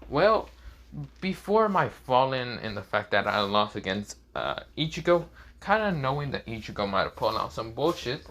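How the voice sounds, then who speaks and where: A man narrating his own fan-fiction story off the cuff, rambling along with lots of fillers and repeated phrases. His voice sits at a middling pitch and sounds relaxed and unscripted. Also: moderate pace.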